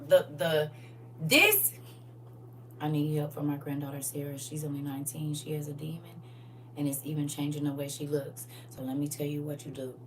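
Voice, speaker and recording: A woman's voice: sits low, recorded from a distance, a little hiss or hum. A woman host telling stories to a live audience in a casual, emphatic, slangy way. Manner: animated, emphatic, slangy storytelling. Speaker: livestream host.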